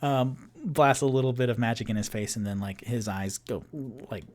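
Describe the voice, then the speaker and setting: A man's voice: mid-range voice, moderate pace, a little mellow. A man narrating and hosting a live-streamed tabletop game, talking casually with lots of fillers. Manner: casual, rambling, filler-heavy. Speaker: game master and show host.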